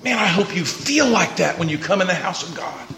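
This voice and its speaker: A man preaching a sermon as pastor, moving from quiet storytelling to loud shouted exclamations. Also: high voice, animated, a little fast. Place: church sanctuary. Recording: echoey church room.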